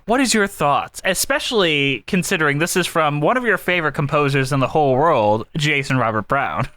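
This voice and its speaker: High, bright-voiced joking man host. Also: expressive, dry recording. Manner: joking, quick-witted, leads the talk. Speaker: podcast host. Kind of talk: casual chat.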